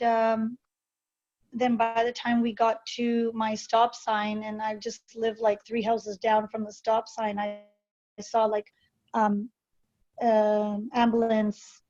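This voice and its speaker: A woman guest telling a personal story in an interview, halting and hesitant with many fillers and restarts. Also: a little high, a little mellow. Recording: dull lo-fi recording.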